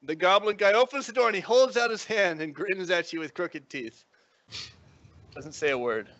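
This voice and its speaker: A man narrates as dungeon master, telling the scene in an animated way with chuckles. His voice is bright, set a little high. The audio is dull and lo-fi. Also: normal speed, dry recording. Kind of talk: narrating a tabletop game.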